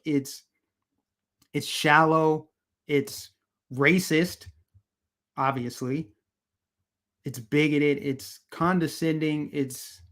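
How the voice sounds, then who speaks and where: A man hosts a live-streamed political commentary show, talking to his chat in a heated, emphatic rant. He hammers his points home through repetition, and his voice sits fairly high for a man. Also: a bit bright.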